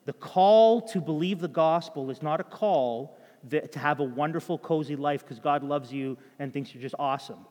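A man's voice: on the high side, moderate pace, darkish tone. Earnest male preacher in a reverberant hall. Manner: earnest, direct exhortation in short repeated phrases. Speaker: pastor. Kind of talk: sermon. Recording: long reverb of a large hall.

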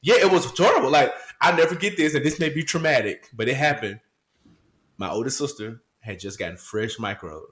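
A man's voice: mid-range voice, a little fast. A man co-hosting a podcast in casual chat, telling family stories with lots of laughter. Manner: animated storytelling, laughs often. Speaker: podcast co-host. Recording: roomy sound with faint noise.

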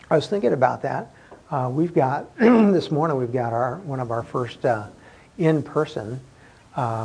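A man's voice: medium pitch, darkish tone, slight background noise, rough recording. A man preaching a sermon to a congregation in a church room, talking conversationally with frequent restarts. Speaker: pastor.

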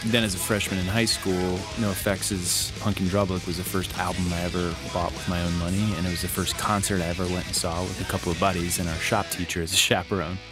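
Low-voiced man narrating over guitar. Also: flat delivery, fast, hardly any pauses. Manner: enthusiastic, earnest storytelling. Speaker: podcast host. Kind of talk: scripted intro narration. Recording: guitar music under the voice. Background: guitar music bed.

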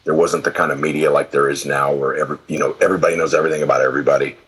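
Man in his 60s, very deep voice, raspy and husky, rambling casual storyteller, frequent restarts. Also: level tone, rapid-fire, fairly bright tone, low-quality recording. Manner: rambling, profane, with many restarts. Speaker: podcast guest.

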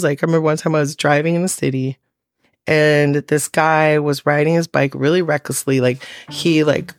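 A woman talking casually as a guest and telling stories with lots of "like" fillers. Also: low voice. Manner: chatty, many "like" fillers, animated storytelling. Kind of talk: casual conversation.

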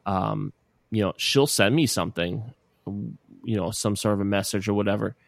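A man's voice: lowish voice, fairly quick, vocal fry, dry recording, studio quality. A man in his thirties co-hosting a podcast, rambling in casual chat with lots of fillers. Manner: rambling, many fillers and restarts. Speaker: podcast co-host.

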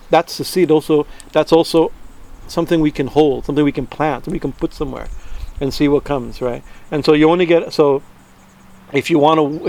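A man's voice: on the high side, darkish tone. A man delivers an informal spiritual teaching in a slightly raised voice. He talks loosely and conversationally, often restarting sentences and tagging them with "right?". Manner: conversational, many restarts, frequent "right?" tags.

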